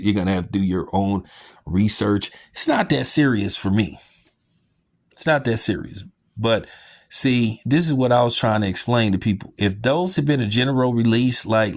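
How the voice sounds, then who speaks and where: A man hosting a casual sneaker-news vlog, rambling with many fillers and sarcastic asides. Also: lowish voice. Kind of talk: casual chat.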